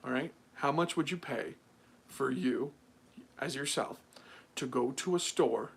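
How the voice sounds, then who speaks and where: A man's voice: mid-range voice, measured pace, gravelly, slightly rough. A young man from the United States hosting his own livestream, chatting casually and rambling with lots of fillers. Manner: animated, mocking, rambling with many fillers. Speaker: livestream host.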